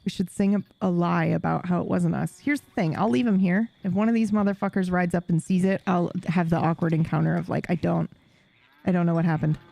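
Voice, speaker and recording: A woman's voice: lowish voice, steady tone, fairly quick, creaky, mellow, no room sound. A woman streamer chatting casually with her live audience while playing a game, swearing freely and laughing often.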